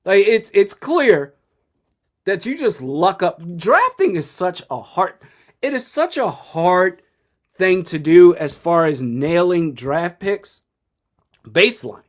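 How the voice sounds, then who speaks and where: A man's voice: high voice, big pitch swings, slow. A young man in his twenties commenting live on a football game, blunt and opinionated, chuckling often. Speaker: sports streamer.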